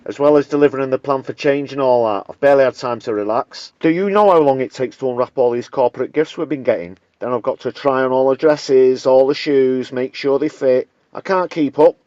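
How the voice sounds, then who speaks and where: A man's voice: mid-range voice, a little fast, few pauses, a little mellow, no echo, lightly acted. A man putting on a blunt, cocky Mancunian woman politician with a slangy, combative manner, in a comedy sketch. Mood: brash. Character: brash, blunt northern female deputy prime minister. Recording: dull, dry lo-fi recording.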